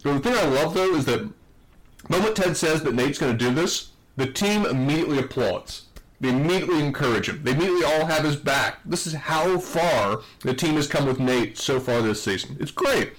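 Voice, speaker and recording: A man's voice: a little high, animated, a little fast, rough recording. A man co-hosting a podcast, recapping a TV episode with enthusiasm and reading quotes aloud in casual chat. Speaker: podcast co-host.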